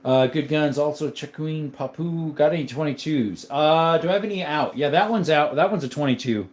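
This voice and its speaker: A man's voice: fairly high pitch, moderate pace. A man hosting a live stream, chatting casually, greeting viewers by name and laughing often. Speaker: livestream host. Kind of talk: casual live chat reading comments.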